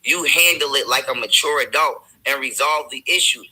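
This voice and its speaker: A man with a husky yet very bright, sharp voice who argues defensively. He recounts text messages to defend himself and keeps pushing his side of the story. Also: mid-range voice, normal speed, poor audio. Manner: defensive, argumentative, recounting texts. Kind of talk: heated self-defense.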